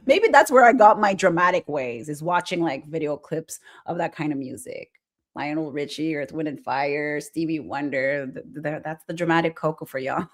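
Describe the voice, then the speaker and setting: Woman host, casual live-stream chatter, excitable, talks straight to viewers. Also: fairly low pitch, normal speed. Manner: chatty and excitable, reads viewer comments aloud. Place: Montreal.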